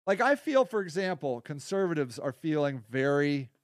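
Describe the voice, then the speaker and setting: Blunt, rambling podcast host, dry sound. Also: male voice, fairly high pitch, sing-song, normal speed, no echo. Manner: rambling, blunt and profane, swings from quiet to heated. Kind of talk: casual monologue.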